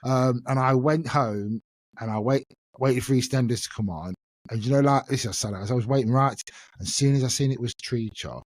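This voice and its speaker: A man's voice: mid-range voice, brisk, darkish tone, dry recording. A man, hosting a casual solo podcast and chatting in a self-mocking way, laughing often. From England. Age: 50s. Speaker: podcast host.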